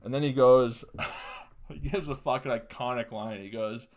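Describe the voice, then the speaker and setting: A man's voice: medium pitch, normal speed, a little mellow. Profane young man telling a story. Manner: profane, laughing often, loose and rambling. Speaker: podcast host telling a story. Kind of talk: crude casual storytelling.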